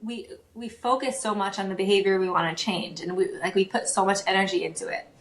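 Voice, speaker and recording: Animated woman storyteller in an echoey room. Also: mid-range voice, a little fast, slight background noise. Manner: animated storyteller who acts out quotes, many fillers. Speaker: guest, parenting approach practitioner. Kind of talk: casual podcast interview.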